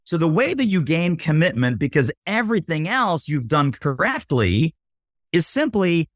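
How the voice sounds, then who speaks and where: Animated man explaining sales, dry sound. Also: a little high, moderate pace, no room sound. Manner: animated, acts out quotes of buyers and waiters; punchy teaching tone, often tags lines with "right?". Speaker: podcast guest, sales expert. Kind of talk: casual interview talk.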